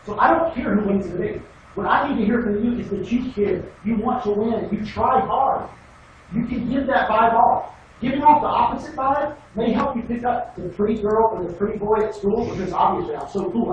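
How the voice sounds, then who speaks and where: A man's voice: extremely high pitch, dull audio. A man giving a casual classroom lecture on debate, wry and sarcastic, sometimes mocking students in put-on voices. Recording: echoey room from far off, noisy.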